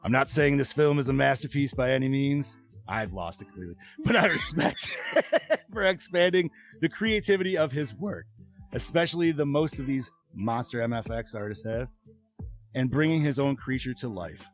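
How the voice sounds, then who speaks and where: A man's voice: mid-range voice, normal speed, soft background music. A man hosting a casual film review podcast. He swears freely, giggles often and keeps losing his place. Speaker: podcast host.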